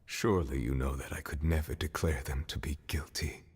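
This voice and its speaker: A man voicing a solemn, composed male chief justice in a video game, who speaks with grave, measured delivery. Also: very deep voice, steady tone, breathy edge, full character voice. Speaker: game character. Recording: game audio with loud music underneath.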